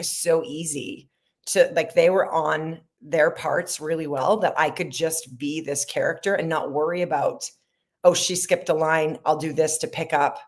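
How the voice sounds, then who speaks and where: Chatty middle-aged woman host, low and husky, casual behind-the-scenes talk. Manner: chatty, rambling, laughs often. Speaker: sketch comedy creator and lead actor.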